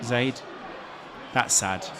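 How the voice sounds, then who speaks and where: A man's voice: medium pitch, drawn-out words. A man hosting a live match watch-along, bantering and reacting to the game. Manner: chatty, bantering, exclaims at big moments. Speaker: host. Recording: loud crowd noise behind.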